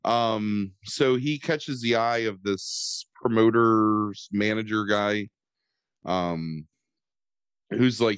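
Sarcastic low-voiced man rambling casually. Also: very slow, clean tone, dry recording. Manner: rambling, sarcastic, swears, many fillers like "um" and "like". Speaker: podcast host reviewing a movie. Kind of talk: casual chat.

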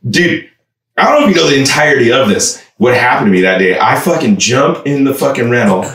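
A young man telling a wild story in casual chat, animated, swearing often, laughing and shouting out the outbursts he quotes. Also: medium pitch, a little fast, far from the mic. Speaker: musician guest. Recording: echoey room, voice a bit off-mic, background noise.

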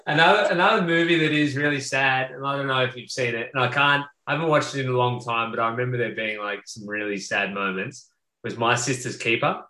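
Man, podcast co-host, bright sharp voice, earnest and reflective. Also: mid-range voice, steady tone, brisk. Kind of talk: casual chat. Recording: echoey room.

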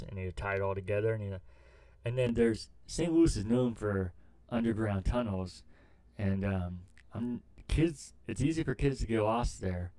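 A man's voice: lowish voice, moderate pace, warm tone, no room sound, far from the mic. A man from the US Midwest, co-hosting a podcast, chatting casually in a rambling, profane storytelling way. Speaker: podcast co-host. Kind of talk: casual chat.

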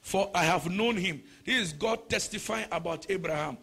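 A male pastor delivers a sermon in a husky, raspy voice that sits high. He swings from shouted, sing-song prayer to an easy teaching tone, tossing rhetorical questions at the room. The fry in his voice grinds through the quieter stretches. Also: moderate pace.

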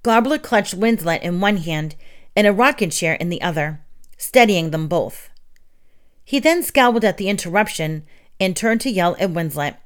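A woman's voice: lowish voice, normal speed, smooth. Woman reading a children's story. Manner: expressive storybook narration. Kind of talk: reading children's stories aloud.

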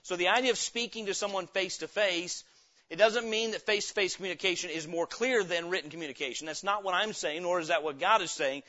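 A male pastor delivers a sermon with a high, bright, forward voice. He talks in a folksy, conversational way full of homespun stories, and the church recording sounds dull and lo-fi. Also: quick pace.

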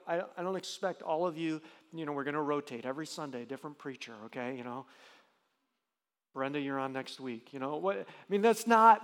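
A man's voice: fairly high pitch, long reverb tail. A man preaching a sermon as pastor, earnest, with frequent restarts and rising emphasis.

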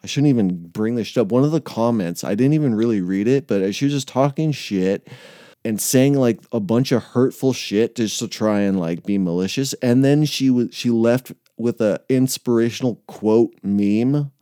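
A man's voice: mid-range voice, normal speed, warm tone, no room sound, clean studio sound. A young man in recovery ranting casually, swearing a lot and laughing often as he rambles. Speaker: person in addiction recovery.

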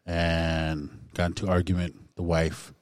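A man sharing his personal testimony in a recovery circle, halting with fillers and frequent throat-clearing. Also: deep voice, completely flat delivery, no room sound, studio quality. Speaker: recovery group member sharing.

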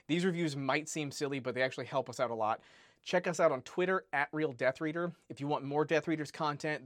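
A man's voice: medium pitch, no echo, clean studio sound. A man co-hosting a podcast in casual chat, rambling and joking, laughing often. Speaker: podcast co-host.

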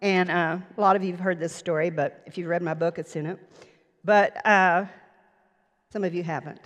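A woman's voice: lowish voice, fairly even intonation. A woman preacher telling a personal story in an earnest sermon, recorded in a church sanctuary. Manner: personal anecdote, earnest, slow. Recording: long reverb of a church hall.

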